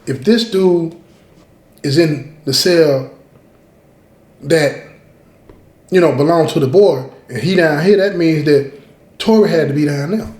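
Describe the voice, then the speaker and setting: A man's voice: a little high, measured pace, pauses often, darkish tone, echoey room. A man hosting his own show, telling a story in a casual, emphatic way, repeating points and talking straight to his listeners. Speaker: host, storyteller.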